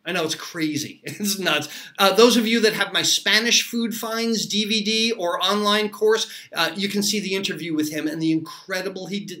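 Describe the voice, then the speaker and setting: Middle-aged male chef, high bright voice, chatty upbeat teacher who laughs a lot. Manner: upbeat and chatty, laughs often, many fillers. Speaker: chef and cooking instructor. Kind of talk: casual cooking lesson to camera.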